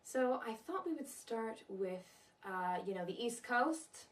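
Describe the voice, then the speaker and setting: A woman's voice: medium pitch, lively intonation, takes it slowly, hardly any pauses, fairly bright tone. Woman accent coach, playful tutorial delivery, heard from a distance as played in a room. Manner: playful, demonstrates regional accents.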